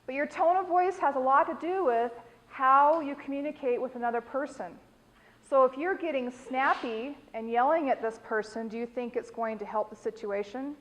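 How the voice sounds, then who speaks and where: A woman's voice: high-pitched, moderate pace, long reverb tail, poor audio. American woman trainer quizzing a class. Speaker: dementia care trainer.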